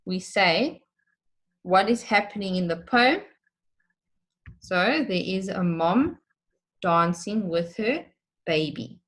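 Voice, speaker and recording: Slow, patient woman teaching a lesson. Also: medium pitch, expressive, a bit bright. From South Africa. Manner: patient, explains step by step, repeats questions. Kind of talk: recorded online lesson for children.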